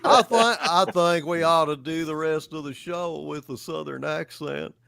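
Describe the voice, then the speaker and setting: A man's voice: fairly high pitch, a little slow, vocal fry, crowd noise. A man hosting a live pop culture panel show, delivering wry, sarcastic commentary. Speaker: host.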